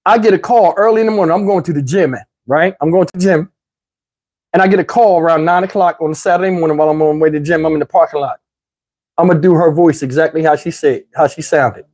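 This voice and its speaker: Animated guy telling a funny dating story, talks right to the crowd. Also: on the high side, quick pace. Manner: animated, talks to the audience, mimics voices. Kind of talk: stand-up storytelling.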